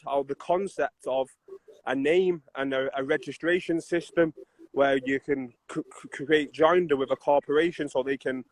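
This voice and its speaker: Earnest, halting man with a dry voice. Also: fairly high pitch, no room sound, poor audio. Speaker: podcast guest. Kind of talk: earnest conversational explaining.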